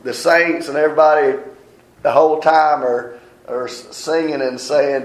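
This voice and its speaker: A man's voice: on the high side, a little slow, gravelly. A man preaching a sermon, often asking the congregation a question and then answering it himself. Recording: roomy echo.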